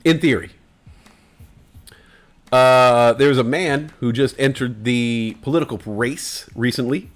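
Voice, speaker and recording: A man's voice: mid-range voice, slow, pauses often. A man hosting a casual livestream, talking in loose, profane, rambling banter. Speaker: livestream host.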